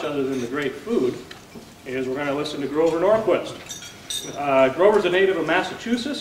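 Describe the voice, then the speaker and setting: A male host speaks at a lunch forum in a conversational way, pausing often on filler words. He sits back from the microphone in a reverberant banquet room. Cutlery and dishes clink audibly behind him. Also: on the high side, slight background noise. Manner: plain, conversational, with frequent "uh" fillers. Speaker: event host introducing a speaker. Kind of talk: luncheon speech and introduction. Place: banquet hall at a lunch event. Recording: roomy, distant mic with clinking dishes.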